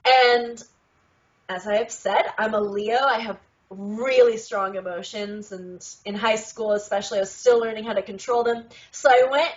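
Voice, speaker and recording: A woman's voice: on the high side, fairly even intonation, moderate pace. A young woman guest in a casual interview, giggly and self-deprecating, laughing easily while telling stories. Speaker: guest, actress and performer. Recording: dull lo-fi sound.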